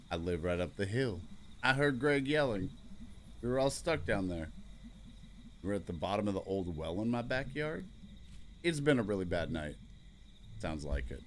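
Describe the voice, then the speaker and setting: A man hosting a let's play, reading every character's lines aloud in turn, quick and offhand. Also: sits low, sing-song, slight background noise. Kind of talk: reading game dialogue aloud.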